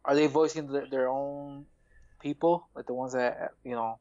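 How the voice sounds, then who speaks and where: A man chatting casually as a podcast co-host, joking and asking halting questions full of restarts. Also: mid-range voice, steady tone, mellow, dry recording, highs cut off. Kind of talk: casual chat.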